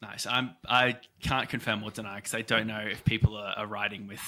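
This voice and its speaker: A young Australian man co-hosting a podcast, chatting casually and telling animated stories with frequent laughter. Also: on the low side, brisk. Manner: animated storytelling, laughs often. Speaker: podcast co-host. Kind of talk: casual chat.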